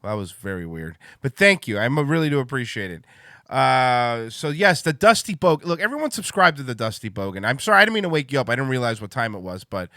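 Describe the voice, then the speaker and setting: A man hosting a livestream show, chatting casually, excitable and swearing freely. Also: medium pitch, quick pace, no room sound, clean studio sound.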